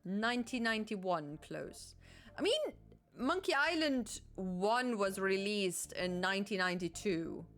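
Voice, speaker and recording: A woman's voice: medium pitch, expressive, measured pace, a bit bright, soft background music. A German woman streaming a game in English with a German accent, chatting casually, musing aloud and often correcting herself.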